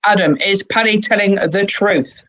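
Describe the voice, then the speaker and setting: A man hosting a casual group podcast game, playful and quick to exclaim. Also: sits high, fairly bright tone. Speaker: podcast host.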